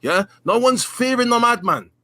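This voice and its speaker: A man tears into his opponent, voice pitched very high and sharp as he shouts and swears without pause. His pitch swings widely with every insult. The sound is dry and close, with no room around it. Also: expressive, no room sound. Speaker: panelist. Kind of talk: heated online panel argument.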